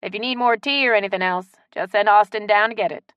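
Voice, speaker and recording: A woman voicing a brisk, friendly, practical neighbor woman. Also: mid-range voice, clear, resonant tone, no echo, dull audio, lightly acted.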